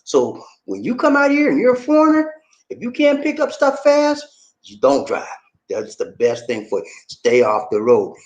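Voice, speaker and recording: A man hosting a casual live chat with a high-pitched voice that swings widely from low asides to excited peaks. He sounds laid-back and chatty as he reads viewer comments aloud and often calls people "man" and "buddy.". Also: moderate pace. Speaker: livestream host reading viewer chat.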